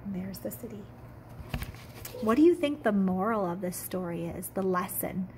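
A woman, a teacher, reading a picture book aloud to children, with gentle questions to her young listeners. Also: medium pitch, animated, normal speed, slight background noise.

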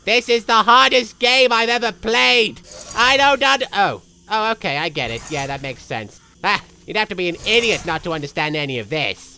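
A man's voice: high-pitched, expressive, moderate pace, pushed and bright, a little hiss or hum, heavily acted. A man doing a campy, flamboyant villain. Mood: confused. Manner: campy, theatrical, boastful. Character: vain, flamboyant, dim-witted male villain. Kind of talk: comedic gameplay voice-over.

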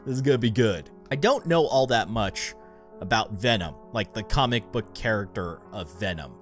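A man's voice: fairly low pitch, animated, normal speed, faint music behind. A young man hosting a gaming channel, rambling through let's play commentary and getting easily spooked.

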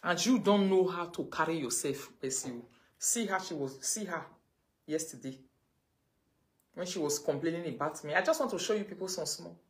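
A Nigerian woman ranting on a livestream, mocking and scolding, her voice swinging between loud outbursts and low mutters. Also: expressive, normal speed. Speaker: livestream host. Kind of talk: casual livestream rant.

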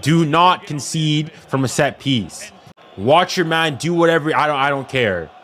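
A man's voice: on the high side, expressive, unhurried, a bit bright. A man reacting live to a football match, pleading with his team and then raging when they concede. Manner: anxious, then furious outbursts.

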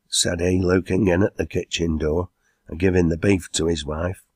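A man narrating a dialect story, with a gravelly, husky voice. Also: deep voice, level tone, normal speed, darkish tone, dry recording, clean studio sound. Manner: reads character lines in broad dialect. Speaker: audiobook narrator.

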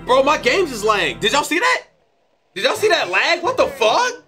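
A young man commentates his baseball video game in a loose, excitable way, swearing and trash-talking his players. His voice is bright and swings widely in pitch. Light game music plays underneath. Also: normal speed. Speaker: gaming YouTuber. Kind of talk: casual gameplay commentary.

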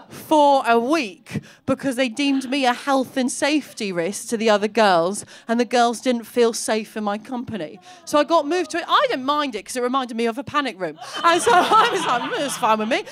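This young woman is performing stand-up at a comedy club, telling a meandering story at her own expense and breaking into high character voices.

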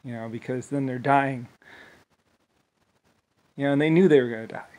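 A man's voice: mid-range voice, normal speed, a little mellow, poor audio. A man talking in a rambling monologue, restarting phrases often and breaking into laughter.

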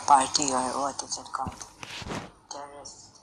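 A woman recounting memories in a halting personal monologue, pausing often, apologizing and trailing off. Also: low-pitched, steady tone, fairly bright tone, slight background noise. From Pakistan. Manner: hesitant, many pauses and apologies, trails off.

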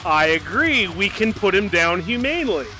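A man voicing a brutal, wisecracking male demon-slaying soldier in a social VR game, gruff and blunt. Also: high voice, very animated, moderate pace, loud music behind the voice. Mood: menacing. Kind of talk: voice chat role-play in a social VR game.

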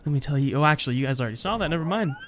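A man's voice: a little high, expressive, racing. A man giving joking, rambling commentary while playing a video game, laughing at himself. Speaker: gaming host. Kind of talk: let's-play commentary.

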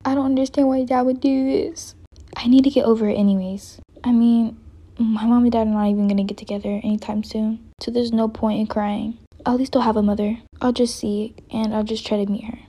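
A hurt teenage girl, played by a woman, muttering her thoughts in quiet, half-whispered asides for a voiced dollhouse-game story. The voice sits a touch high, with a soft, mellow tone. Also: little pitch movement, brisk, husky. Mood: sulky.

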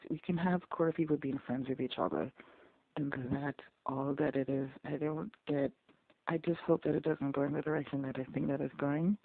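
A person reacting to a TV episode in casual audio commentary, excitable and gushing, quick to get emotional. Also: mid-range voice, no room sound. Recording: dry, tinny phone-like sound.

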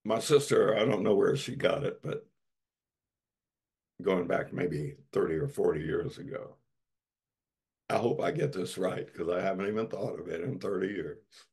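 A male pastor delivering a sermon, slow and emphatic, leaning on dramatic repetition. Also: sits low, a little mellow, husky.

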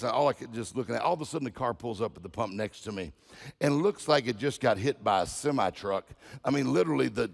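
Gravelly-voiced guest preacher telling stories. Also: male voice, medium pitch, in a large hall. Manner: storytelling, folksy, repeats himself. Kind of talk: sermon with humorous stories.

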